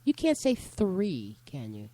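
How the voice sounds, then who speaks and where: A woman co-hosting a talk show, chatting casually and reacting quickly to her partner. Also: fairly low pitch, huge pitch swings, warm tone, no echo. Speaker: co-host. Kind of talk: casual chat.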